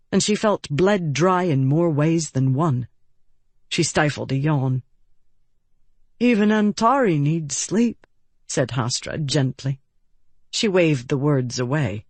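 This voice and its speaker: A woman reading an audiobook in calm, measured scripted narration. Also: low voice, no echo.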